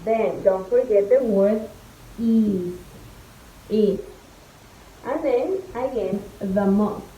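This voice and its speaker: A young woman from Mexico, teaching an English lesson slowly and patiently, spelling out each step. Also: medium pitch, dark tone, slight background noise. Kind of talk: recorded online lesson. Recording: echoey room.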